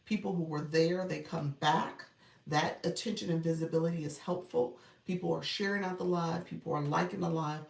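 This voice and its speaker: Woman livestream coach, low gravelly voice, chatty, echoey room a little off-mic. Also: steady tone, moderate pace, darkish tone, distant mic. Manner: chatty, thanks viewers often, laughs easily. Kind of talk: live-stream coaching chat.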